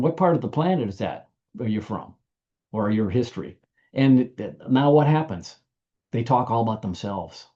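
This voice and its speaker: A man's voice: medium pitch, warm tone, highs cut off. An older American man giving an informal training talk, folksy and anecdotal, often restarting his sentences. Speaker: business trainer.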